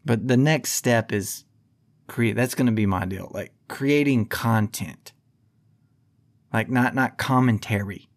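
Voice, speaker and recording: A man's voice: mid-range voice, slow pace. A man hosting a podcast, ranting in a profane, combative monologue. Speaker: podcast host.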